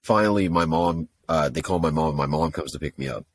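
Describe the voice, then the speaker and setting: Deep voiced young guy on a podcast, rambling funny story, swears casually. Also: fairly quick, dry recording. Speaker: podcast co-host. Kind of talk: casual chat.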